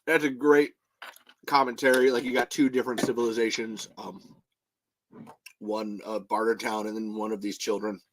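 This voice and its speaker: A man's voice: lowish voice, level tone, normal speed, a bit bright, a little hiss or hum. An American man hosting a podcast in casual chat, rambling with restarts, swearing and laughing often. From United States. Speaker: podcast host.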